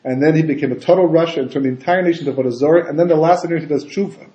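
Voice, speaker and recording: A man giving a casual Torah talk as a rabbi, animated and full of rhetorical questions and asides. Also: on the high side, very fast, dull audio. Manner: animated, rhetorical questions, frequent "you know" and "right?". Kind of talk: casual conversational Torah lecture. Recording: echoey room.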